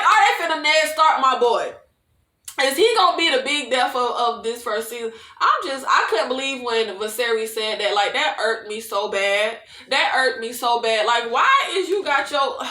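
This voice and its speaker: A woman giving a casual, animated TV recap, slangy and laughing often. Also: high voice, echoey room. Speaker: show recap reviewer.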